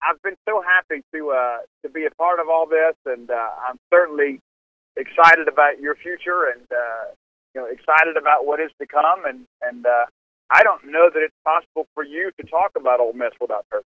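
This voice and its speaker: Man, recruiting reporter, phone-in guest, quick halting speech, tinny phone line, dry. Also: a little high, dry recording. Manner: quick, halting with many fillers. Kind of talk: phone-in interview. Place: parked car.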